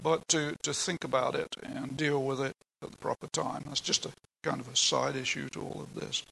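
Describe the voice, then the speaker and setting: Gravelly older preacher. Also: male voice, mid-range voice, level tone, moderate pace, sharp tone, poor audio. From England. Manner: earnest, emphatic, plain-spoken teaching with asides. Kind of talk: sermon.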